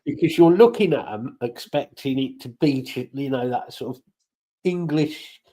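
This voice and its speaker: A man's voice: mid-range voice, normal speed, dark tone. A middle-aged man in casual podcast chat, making wry, joking asides. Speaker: podcast co-host.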